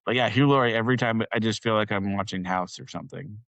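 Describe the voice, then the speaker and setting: A man's voice: on the low side, fast talker, vocal fry, a bit bright, no room sound. A man whose first language is Portuguese, co-hosting a podcast in a wry, easygoing way. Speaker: podcast co-host. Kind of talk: casual chat.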